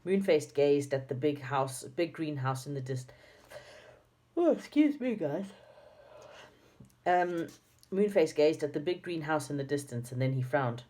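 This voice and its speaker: A woman's voice: deep voice, expressive, measured pace, pauses often, mellow. A woman reading a children's chapter book aloud, with chatty asides to her young listeners. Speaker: storybook reader.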